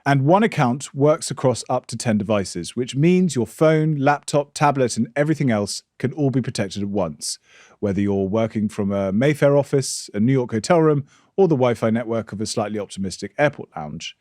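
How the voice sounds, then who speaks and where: A man hosting a podcast, explaining at a measured pace with some stammering restarts. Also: mid-range voice, expressive, darkish tone, dry recording, clean studio sound. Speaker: podcast host. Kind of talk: interview and read ad.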